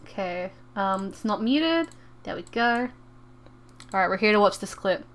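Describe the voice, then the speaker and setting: A young woman streaming a game, chatting casually in an excitable, rambling way, often stammering and repeating herself. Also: mid-range voice, a little slow. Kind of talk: casual live-stream chat while gaming.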